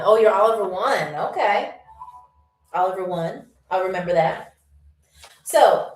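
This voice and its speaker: A woman hosting a live-stream quiz game. She reads out viewer comments in a playful, teasing way, often holds back laughter, and welcomes viewers as if she were a flight attendant. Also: fairly high pitch. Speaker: game show host. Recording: roomy, distant mic with faint music.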